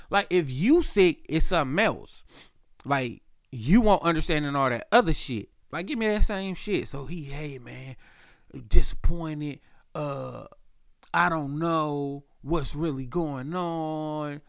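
A man hosting a podcast, telling a loose, profane story about his boss and clearing his throat often while he is sick. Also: on the high side, takes it slowly, no room sound, studio quality. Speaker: podcast host. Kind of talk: casual storytelling.

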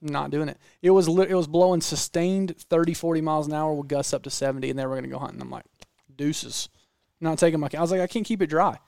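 A man with a Southern American accent telling stories in casual podcast chat, animated and rambling with frequent restarts. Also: a little high, racing, creaky, few pauses, smooth, dry recording. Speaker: podcast guest storyteller.

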